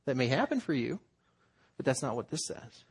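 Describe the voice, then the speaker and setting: A man's voice: mid-range voice, sing-song, moderate pace, slightly rough. A man preaching a sermon in an earnest, conversational way, acting out quotes as he goes. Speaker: pastor.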